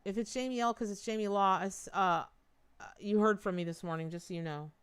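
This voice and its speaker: Woman, tarot reader, live-stream reading, chatty, clear smooth voice, mid-pitched. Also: fairly even intonation, fairly quick. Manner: chatty, repeats words for emphasis, talks to viewers directly.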